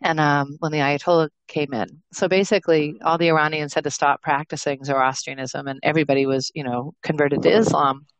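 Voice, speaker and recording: A woman's voice: sits low, steady tone, brisk, few pauses, no echo. A young adult woman talking as a podcast guest, rambling through casual stories with lots of fillers, restarts and the odd swear. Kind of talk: casual chat.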